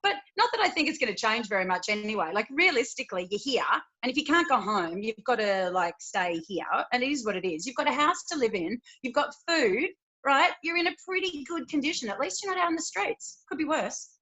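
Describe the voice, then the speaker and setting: A woman's voice: on the high side, expressive, brisk, pushed and bright, muffled recording. Blunt woman panelist. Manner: blunt, practical, filler "like" and "right". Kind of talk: casual panel chat.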